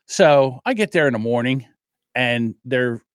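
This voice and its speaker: A man hosting a podcast, chatting casually and acting out the people in his stories with loud quoted lines. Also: mid-range voice, a little slow, no room sound, studio quality. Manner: animated storyteller, acts out quotes loudly. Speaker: podcast host. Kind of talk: casual chat.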